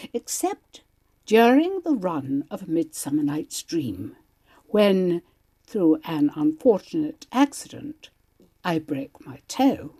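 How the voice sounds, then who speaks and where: A woman, an amateur actor, giving a lively dramatic reading of a first-person stage memoir. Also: on the low side, breathy edge. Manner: lively, animated storytelling. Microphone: home recording.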